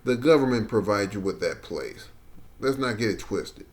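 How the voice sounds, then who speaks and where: A man's voice: fairly low pitch, animated, normal speed, darkish tone. A man hosting a podcast, cutting in with teasing remarks about the caller. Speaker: podcast host. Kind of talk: casual podcast commentary.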